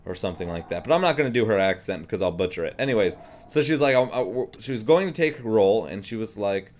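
Young male gameplay commentator, low voice, rambling and jokey. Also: animated, quick pace, few pauses, a little mellow. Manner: rambling and jokey, with frequent restarts.

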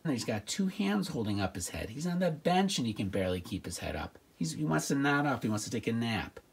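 A man's voice: medium pitch, big pitch swings, fairly quick, gravelly, husky. A man giving wry, mock-concerned comic commentary on old football trading cards. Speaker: card collector and host.

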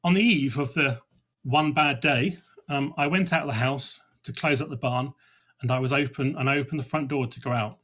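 A man's voice: mid-range voice, normal speed, fairly bright tone. An Englishman, middle-aged, telling of his homestead life in a conversational way, with dry humour and small restarts. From England. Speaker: podcast host. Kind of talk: reflective first-person talk.

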